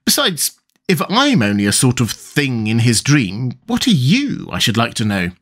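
A man's voice: medium pitch, wildly swooping pitch, moderate pace, a bit bright. A man voicing a polite, curious little girl who speaks in a prim, earnest way. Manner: prim, earnest and well-spoken.

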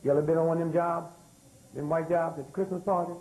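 This is an older man, addressing a live audience. His voice sits high for a man. He drives each point with rhetorical questions and call-and-response. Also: steady tone, quick pace, a little mellow, rough recording. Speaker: speaker.

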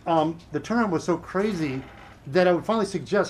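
A middle-aged man telling work stories in a casual chat, animated and acting out other people's lines. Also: high voice, a little hiss or hum. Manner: animated, acts out dialogue in quick bursts. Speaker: guest.

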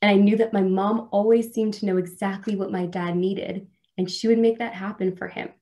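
A woman's voice: medium pitch, fairly even intonation, normal speed, warm tone. A woman giving a sermon at a church, telling stories in a conversational way with self-deprecating humor. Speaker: guest speaker at a church service. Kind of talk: sermon with storytelling.

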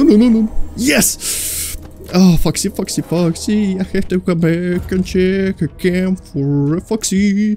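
Gamer narrating horror gameplay live; slow delivery, mellow tone, frantic word repeats, faint music behind. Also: medium pitch. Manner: panicky, repeats words over and over; pleads with and scolds the game's monsters. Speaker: gamer playing a horror game.

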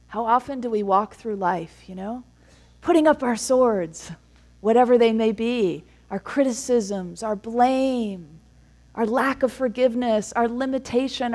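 A woman minister giving an Easter sermon in a church, telling stories and briefly voicing the people in them, with gentle laughs. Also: medium pitch. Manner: storytelling, acts out quoted lines, gentle laughs. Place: church sanctuary.

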